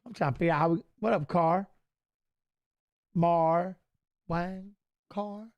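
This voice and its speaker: A middle-aged man hosting a live fight watch-along, excitable and shouting at the fighters while chatting with viewers. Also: sits high, dull audio. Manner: excitable, talks fast over the action, shouts at fighters. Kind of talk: live fight commentary and chat.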